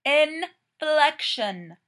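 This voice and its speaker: Woman putting on an excitable wisecracking young man. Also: sits high, unhurried, pitched above the performer's own voice, exaggerated voice. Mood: eager. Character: excitable wisecracking male character, quick and breathless.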